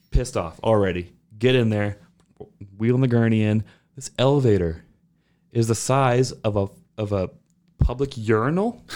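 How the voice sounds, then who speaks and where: A man casually telling an animated, profane story about his old job, acting out other people's lines as he goes. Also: medium pitch. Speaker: guest recounting work stories.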